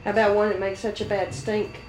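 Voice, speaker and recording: A woman interviewer asking slow, prompting questions about local words. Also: mid-range voice, little pitch movement, darkish tone. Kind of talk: dialect survey interview. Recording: echoey room, light noise.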